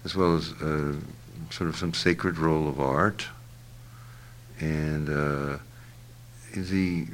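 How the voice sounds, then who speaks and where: An older man being interviewed, answering in a halting, reflective way with many fillers and restarts. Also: extremely low pitch, fairly even intonation, slight background noise.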